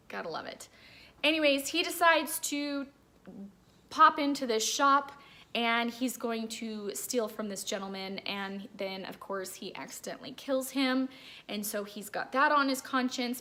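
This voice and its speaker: Bright-voiced chatty woman. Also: fairly high pitch. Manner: chatty, rambling, many "like"s. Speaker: book reviewer. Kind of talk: casual chat.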